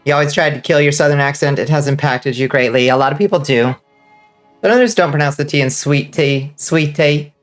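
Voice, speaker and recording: A woman's voice: low-pitched, quick pace, faint music behind. Chatty swearing woman gaming streamer. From US South. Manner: chatty, swears freely, laughs often. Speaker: vtuber streamer. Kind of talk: casual gaming stream chat.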